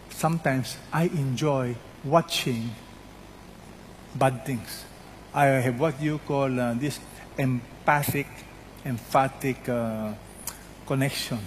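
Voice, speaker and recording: A man's voice: medium pitch, slight background noise. An older man preaching a sermon, emphatically repeating key words and putting questions to his congregation. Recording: long hall reverb.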